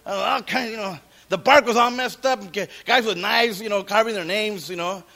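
A middle-aged man preaching a sermon as pastor, animated, quoting scripture and cracking jokes. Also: high voice, normal speed, vocal fry.

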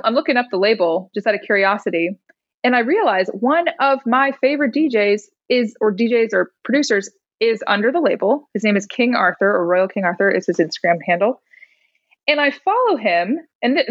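A young woman from Indiana, telling a story as a podcast guest in an animated way, laughing often. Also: mid-range voice, dry recording. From Indiana, USA. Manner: animated, laughing, quick restarts. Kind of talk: casual storytelling. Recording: dull lo-fi remote audio.

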